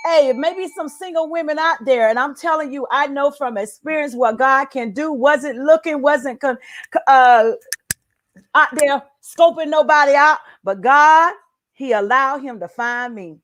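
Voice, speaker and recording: A woman's voice: high voice, measured pace, slight background noise. A woman, an author guest on a video call, exuberant and preachy. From United States. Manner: exuberant, preachy, laughs and shouts often. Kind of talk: casual chat.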